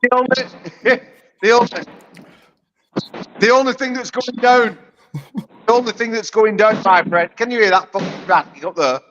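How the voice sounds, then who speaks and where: A British man hurls crude, mocking insults at a rival, laughing and stumbling over his own restarts. His voice sits high, and the audio comes through dull and lo-fi. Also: normal speed, long pauses, fairly bright tone, a little hiss or hum. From United Kingdom. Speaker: guest arm wrestler. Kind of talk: profane trash talk on a call-in show.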